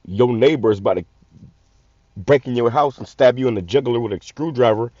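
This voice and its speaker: A man's voice: mid-range voice, brisk, a little mellow, no room sound. A man, giving blunt, profane casual commentary on a video, often repeating and restarting words. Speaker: channel host. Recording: muffled lo-fi audio.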